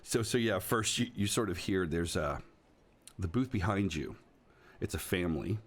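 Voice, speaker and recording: Deep-voiced man running a tabletop game. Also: lively intonation, normal speed. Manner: rambling, jokey, many fillers and restarts. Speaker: game master.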